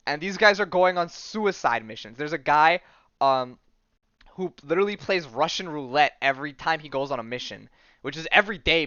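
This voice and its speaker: A man's voice: a little high, sharp tone, smooth, no echo, lo-fi sound. A man hosting a podcast, recapping comics in a casual, rambling way, full of "like", "um" and slang. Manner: rambling, heavy use of "like" and "um"; enthusiastic slang, says "dude" and "bro". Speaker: podcast host.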